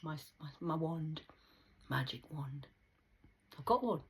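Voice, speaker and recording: A woman in her forties giving a rambling, mocking monologue, swinging between loud outbursts and hushed whispers. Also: low-pitched, fairly even intonation, takes it slowly, slightly rough, poor audio. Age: 40s. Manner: mocking, preachy tone.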